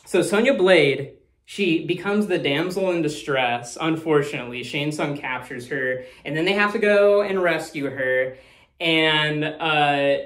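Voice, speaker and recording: A man's voice: a little high, fairly bright tone. Rambling, laughing man in a roomy space. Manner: rambling, profane, laughs often. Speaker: host. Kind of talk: casual movie review monologue. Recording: roomy echo.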